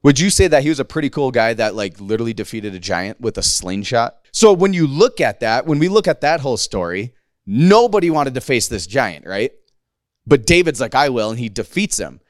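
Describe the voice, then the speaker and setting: A man's voice: medium pitch, sing-song, a little fast, no echo, clean studio sound. A man in his thirties preaching a casual, conversational sermon to a congregation, slangy and playful, acting out the quotes. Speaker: pastor.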